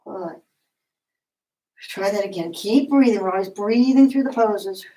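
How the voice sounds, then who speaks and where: A woman leading a yoga class, giving calm, encouraging step-by-step cues. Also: medium pitch, unhurried, low-quality recording. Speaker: yoga instructor. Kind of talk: guided yoga class instruction.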